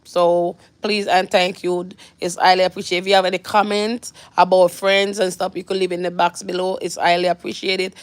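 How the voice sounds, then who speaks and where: A woman's voice: fairly low pitch, level tone, moderate pace, hardly any pauses, clean tone, dry recording. A young Jamaican woman vlogger telling a storytime, rambling with many restarts and fillers. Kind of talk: storytime vlog.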